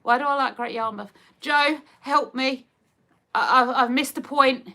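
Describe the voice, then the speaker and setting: Giggling as she reads viewer comments on her stream, a Hertfordshire-accented host chats casually. The woman, from Hertfordshire, England, speaks a little slowly in a high-pitched voice with a sharp tone.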